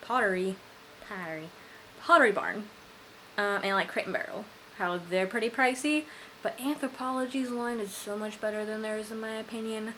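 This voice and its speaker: A woman's voice: medium pitch, moderate pace, a bit bright, slight background noise, low-quality recording. A tired woman chatting casually to her viewers at home, rambling and playful as she goes. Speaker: vlogger. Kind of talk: casual vlog chat.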